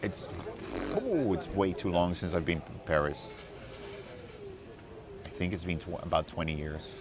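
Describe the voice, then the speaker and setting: A man streaming outdoors on a city walk, chatting casually with a guest and telling stories in an animated way, full of repeated words and laughter. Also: deep voice, unhurried. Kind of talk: casual chat.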